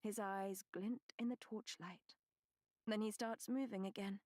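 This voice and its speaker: Narrating a first-person novel as an audiobook, a woman reads in a measured, expressive way. Her voice is mid-range, and the clean studio recording has no room sound.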